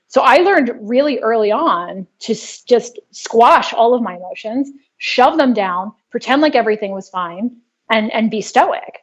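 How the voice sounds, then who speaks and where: Earnest woman guest, slightly high voice. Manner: earnest, explanatory, steady. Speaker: guest, trauma healing practitioner. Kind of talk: interview conversation, explaining and telling a personal story. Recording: dull lo-fi sound.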